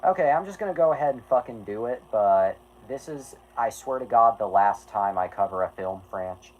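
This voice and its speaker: A man's voice: lowish voice, expressive, normal speed, muffled recording. A man chatting casually on a livestream, rambling and apologetic, who swears and keeps restarting his sentences. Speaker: streamer.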